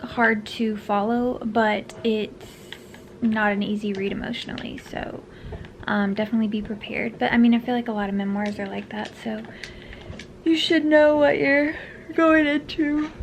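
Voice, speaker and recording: Brief: tired woman book vlogger, rambling casual chat, voice sits a bit high, faint hiss behind. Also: fairly even intonation, normal speed. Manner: chatty, rambling, with frequent fillers. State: tired, yawning.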